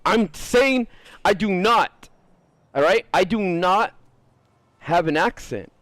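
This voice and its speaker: A man talking casually to his live-stream chat while gaming, animated and ranting, swearing freely. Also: high-pitched, slow pace, dry recording, low-quality recording.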